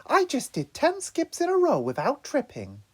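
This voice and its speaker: Cheerful earnest teen turtle, voiced by a man, pitched well up, audiobook. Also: wildly swooping pitch, moderate pace, full character voice. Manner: chirpy and earnest, high bright voice. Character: cheerful caring teen male mutant turtle.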